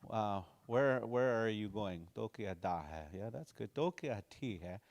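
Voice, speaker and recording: A man teaching a language class, slowly repeating phrases to drill pronunciation, with casual, folksy explanations. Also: fairly low pitch, expressive, a little mellow.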